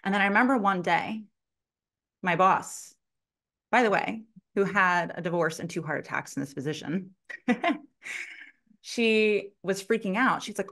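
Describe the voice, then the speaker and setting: Animated woman telling sales stories. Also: medium pitch, normal speed. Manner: animated, acts out quoted voices, heavy use of "like"; blunt, swears casually. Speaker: sales consultant guest. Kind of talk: casual storytelling in an interview.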